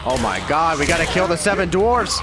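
A man riffs over his gameplay in a let's-play, mouthing off at the characters with profane, cocky trash talk. His voice leaps all over the place, from low mutters up to sudden high yelps. Faint music sits under his commentary. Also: very animated, fairly quick. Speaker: gaming YouTuber.

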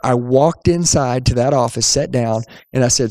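A man's voice: medium pitch, moderate pace, few pauses, darkish tone, dry recording, studio quality. A man hosting a podcast, telling his own story with energy and emphasis and acting out the dialogue. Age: young adult at the time of the story, now older. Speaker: podcast host, sales trainer. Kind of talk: storytelling monologue.

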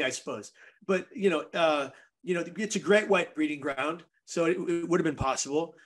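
A man's voice: a little high, fairly bright tone. A man guest on a podcast, telling a personal story in an earnest, vivid way.

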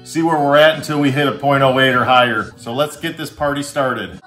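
A young male vlogger chatting to his camera in a loose, joking, upbeat way. His voice sits at an ordinary mid pitch for a man, with faint music playing underneath. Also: fairly even intonation, a little fast. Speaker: vlogger testing drinks on a breathalyzer. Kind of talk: casual on-camera vlog.

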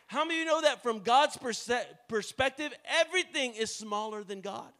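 An American man preaching a sermon as pastor, moving between quiet, low passages and loud, rising calls to the congregation, with playful joking asides. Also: expressive, normal speed, few pauses.

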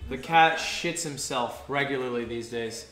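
A man's voice: medium pitch, measured pace. A man joining a cooking stream, bantering in a dry, teasing way. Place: home kitchen. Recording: echoey room, faint background music.

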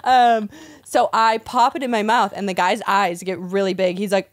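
A woman's voice: mid-range voice, fairly even intonation, moderate pace, no room sound, studio quality. A woman co-hosting a podcast, telling a candid story in casual chat, laughing often and quoting herself. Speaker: podcast co-host.

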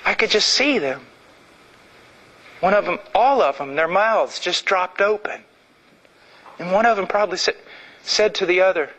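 A man preaching a fiery sermon, acting out conversations and swinging from near shouts down to quiet, low lines. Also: expressive, normal speed, pauses often, poor audio. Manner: impassioned, rising to near shouts then dropping low; acts out dialogue in a storytelling way.

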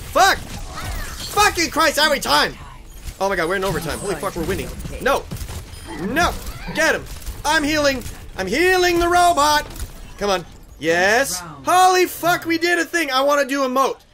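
A man giving frantic, profane commentary while playing a team shooter game. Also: extremely high pitch. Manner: frantic, swearing, yelling at teammates. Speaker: gaming YouTuber. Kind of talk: live gameplay commentary.

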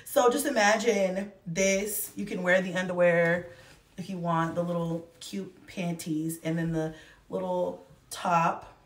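This vlogger, a woman in her thirties and a mother, is reviewing a shopping haul, gushing to camera and addressing viewers as y'all. She speaks unhurriedly, with a lowish voice and fairly even intonation, in an echoey room far from the mic.

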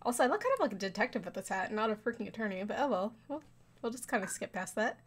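A woman's voice: mid-range voice, big pitch swings, quick pace, a little hiss or hum. A woman giving casual, joking commentary while playing a game, laughing often and muttering asides. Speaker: gaming streamer. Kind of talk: casual let's play commentary.

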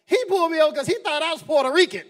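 A man's voice: extremely high pitch, very fast, noisy background. A man doing a stand-up set, storytelling with animation and laughing at his own jokes on a live comedy stage. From Southern US.

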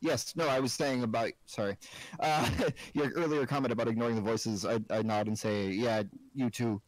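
A man's voice: medium pitch, steady tone, a little fast, dry recording, poor audio. Hesitant man at a tabletop game. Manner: hesitant, stumbling. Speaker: player. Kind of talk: casual tabletop game chat.

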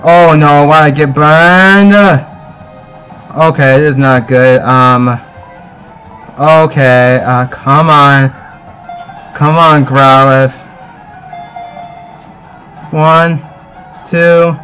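A young man hosting a gaming video, gushing with excitement and repeating exclamations as he commentates his gameplay at home. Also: a little high, drawn-out words, pauses often, faint music behind, low-quality recording.

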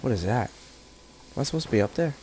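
A man's voice: mid-range voice, expressive, quick pace, background noise. A man commentating a video game while sick, keeping his voice down and trash-talking the enemies in exasperation. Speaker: let's play commentator. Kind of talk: gameplay commentary.

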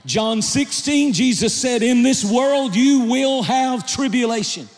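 A man preaching a sermon as a pastor on stage, moving between quiet storytelling and loud shouted exhortation. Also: slow pace. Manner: preaching with rising intensity, shouting at climaxes; drops to a low, quiet storytelling voice. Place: large church hall. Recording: live sermon with long hall reverb.

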